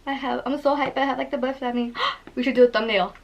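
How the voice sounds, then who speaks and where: A woman's voice: high-pitched, steady tone, fast, creaky, muffled recording. A young woman vlogging an unboxing, gushing over each item with gasps and lots of fillers. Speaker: beauty vlogger. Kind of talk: excited unboxing vlog.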